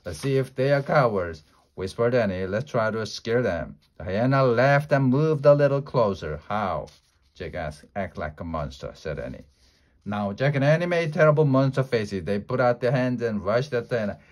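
A man's voice: mid-range voice, expressive, moderate pace. Man reading a children's story aloud. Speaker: storybook reader.

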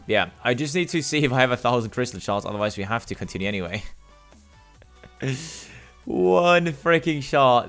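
A man giving casual gameplay commentary, explaining steps and getting loud and swearing when the game frustrates him. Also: medium pitch. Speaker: gameplay streamer.

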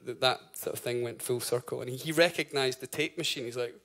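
A man's voice: medium pitch, fairly quick, a bit bright. A man in his thirties fronting a band on stage, telling a rambling, swear-laced story between songs with lots of fillers and laughs. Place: live concert venue.

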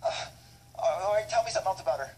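A man's voice: high-pitched, lively intonation, rapid-fire, a little mellow, a little hiss or hum, low-quality recording. A man voicing a nervous, picky male plumber before a blind date, whining and stammering in an amateur comedy skit. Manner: whiny, exclaiming, stammering.

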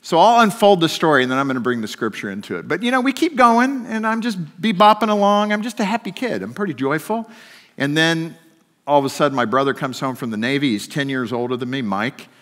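A middle-aged man telling a personal story during a sermon, shifting between lively and hushed. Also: fairly high pitch, fast. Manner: storytelling, swings from animated to hushed. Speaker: guest speaker. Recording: long hall reverb.

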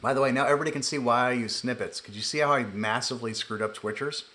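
A man's voice: medium pitch, racing, bright, forceful tone. A man with a nasal voice, hosting a live coding stream in a chatty, joking way and narrating each step. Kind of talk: casual live coding chat.

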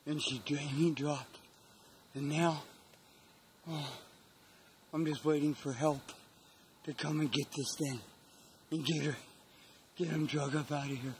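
A middle-aged man, out of breath and emotional, talking in a hushed, halting voice while hunting outdoors in the woods. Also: fairly high pitch, fairly even intonation, a little hiss or hum. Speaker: bow hunter. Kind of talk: hushed hunting vlog commentary.

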